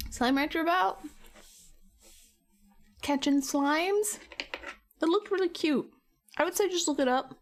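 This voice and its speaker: A chatty young woman with a slightly high voice talks casually to her stream chat while she paints. She greets viewers by name and giggles often, speaking into a desk mic at home. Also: takes it slowly, long pauses.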